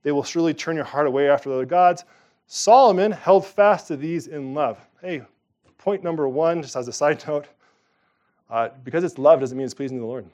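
A man's voice: a little high, fairly quick. Emphatic man preaching a sermon. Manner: animated, emphatic preaching with sudden loud rises. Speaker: pastor.

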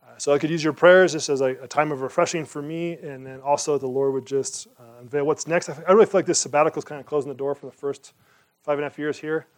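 A man's voice: fairly high pitch, fairly even intonation, fast talker. A man preaching as a pastor, earnest and conversational, asking rhetorical questions and praying fervently. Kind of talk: sermon and closing prayer.

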